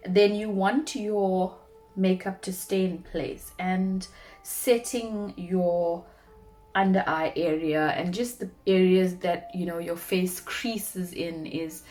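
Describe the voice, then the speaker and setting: A woman's voice: on the low side, takes it slowly, faint music behind. Chatty South African woman vlogger. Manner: chatty, animated, drops into soft asides. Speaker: beauty vlogger. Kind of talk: casual makeup tutorial chat.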